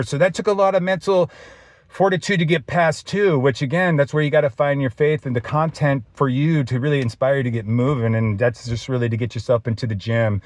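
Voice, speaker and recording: A man's voice: on the high side, no echo. A man in his thirties filming an off-the-cuff fitness vlog. He rambles and says "dude" a lot, and he is choked up. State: teary, choked up. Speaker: fitness vlogger.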